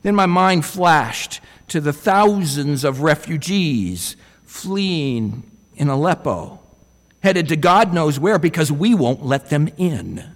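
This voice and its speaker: A man's voice: on the high side, very animated, slow pace, long reverb tail. A man preaching a sermon in a reflective way, often putting rhetorical questions to his listeners.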